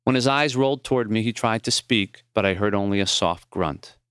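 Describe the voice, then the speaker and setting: This audiobook features a man narrating his memoir with measured tenderness. His voice is low, smooth and resonant, a bit bright, captured in a close, dry recording without any room sound.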